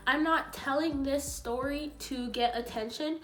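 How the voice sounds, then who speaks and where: A woman's voice: high-pitched, unhurried, fairly bright tone. A young woman vlogger telling a painful story through tears, rambling and filling her talk with "like". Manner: rambling, heavy use of "like", acts out quoted talk. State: tearful, voice breaking. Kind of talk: emotional storytime vlog.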